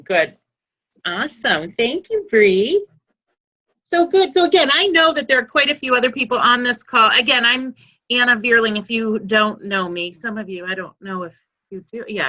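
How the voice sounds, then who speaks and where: A woman's voice: medium pitch, pushed and bright, dull audio. A woman hosting a group video call, upbeat and encouraging with her team. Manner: enthusiastic, encouraging.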